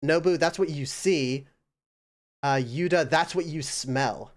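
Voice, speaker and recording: A man's voice: fairly high pitch, slow. A man narrating a tabletop game as game master, casual and loose, with plenty of fillers.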